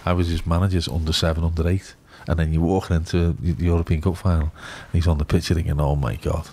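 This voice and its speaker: Deep-voiced, fast-talking Liverpool man. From England. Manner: excitable, rambling storyteller. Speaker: youth football scout. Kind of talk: casual podcast chat.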